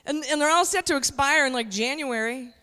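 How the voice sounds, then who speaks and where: A woman's voice: sits high, fairly quick, sharp tone. A woman in her forties doing a stand-up comedy set, brash and conversational, talking straight to the crowd. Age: 40s. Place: comedy club stage. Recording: long hall reverb, faint noise.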